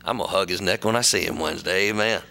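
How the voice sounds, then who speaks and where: A man's voice: low voice, quick pace, vocal fry, pushed and bright. A middle-aged man preaching a sermon, telling folksy stories and reading scripture aloud.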